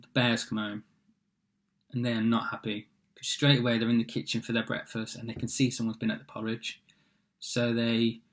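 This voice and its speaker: A man's voice: medium pitch, gravelly. A young man casually retells a fairy tale from memory. He talks offhand, with many fillers and side remarks. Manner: rambling and offhand, full of fillers and asides. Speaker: storyteller.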